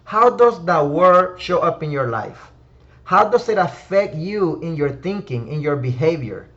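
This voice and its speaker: A man's voice: a little high, animated, a little slow, a bit bright, lo-fi sound. A man hosting a motivational discussion room, reflective and emphatic, speaking to listeners by name. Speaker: host of a word-of-the-week discussion room. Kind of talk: motivational talk.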